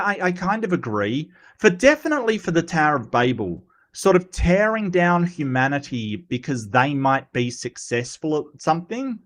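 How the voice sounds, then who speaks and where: Lively chatty male livestream host. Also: on the high side. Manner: chatty, repeats words, many fillers, teasing. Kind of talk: casual live commentary reading chat.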